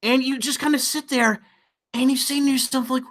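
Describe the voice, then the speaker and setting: A man's voice: very high voice, steady tone, moderate pace, fairly bright tone. A man ranting about politics on a livestream, profane and exasperated, repeating words and restarting his sentences as he gets worked up. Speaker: political commentator.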